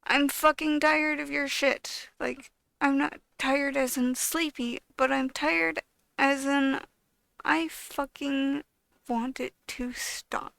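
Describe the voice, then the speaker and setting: Young woman vlogger, high voice with constant vocal fry, blunt and frustrated, swearing freely, very dry sound. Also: fairly even intonation, takes it slowly, a bit bright, dry recording. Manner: frustrated, profane, blunt venting; swings between mumbling and raised voice. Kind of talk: casual to-camera rant.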